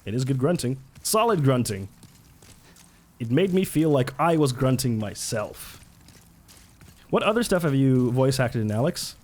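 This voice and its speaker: A man chatting casually as a live game streamer, excitable and giggly. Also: mid-range voice, measured pace, pauses often.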